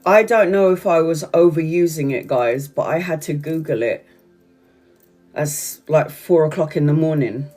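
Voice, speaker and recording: A woman's voice: low-pitched, normal speed, darkish tone, soft background music. A woman chatting to viewers on a livestream, telling a story in a rambling, repetitive way and swearing often. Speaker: tarot reader on a livestream. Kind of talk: casual livestream chat.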